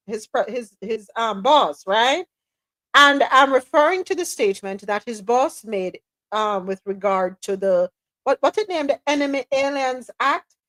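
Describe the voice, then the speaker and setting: A woman's voice: a little high, no echo. A woman hosting a live news talk show, reading articles aloud and adding sarcastic asides. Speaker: host.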